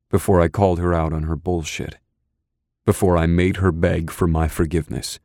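A man's voice: deep voice, a little mellow, dry recording, clean studio sound. A man narrating an audiobook in the first person, brooding, intense and controlled.

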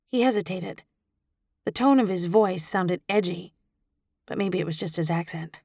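A woman narrating a first-person audiobook in an intimate, expressive reading style. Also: fairly low pitch, normal speed, long pauses, husky, no echo, studio quality.

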